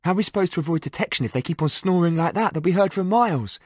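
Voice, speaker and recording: A man voicing a young male soldier speaking in a hushed, low voice on a covert mission, in an audiobook. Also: fast, slightly rough, no echo, clean studio sound, lightly acted. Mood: hushed irritation.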